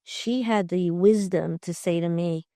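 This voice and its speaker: A woman's voice: fairly low pitch, measured pace, mellow, dry recording, clean studio sound. A middle-aged woman from Long Island, a podcast guest talking in an enthusiastic, chatty way with many fillers. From Long Island, New York. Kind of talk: conversational interview.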